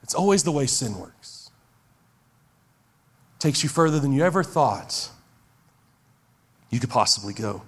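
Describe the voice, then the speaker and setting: A man's voice: mid-range voice, lively intonation, measured pace, long pauses, fairly bright tone, slightly rough. A man in his forties, a pastor preaching an earnest, emphatic sermon that repeats its key phrases. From Texas.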